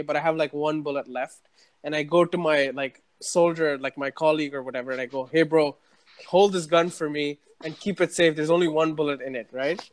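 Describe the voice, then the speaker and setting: A young man in casual chat, telling an animated story about his university days and acting out the quotes. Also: a little high, smooth.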